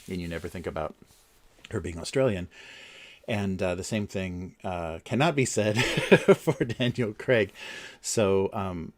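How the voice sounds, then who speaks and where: A man hosting a casual livestream, talking in a rambling way with many fillers and restarts. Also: deep voice. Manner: chuckles between points. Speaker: livestream host.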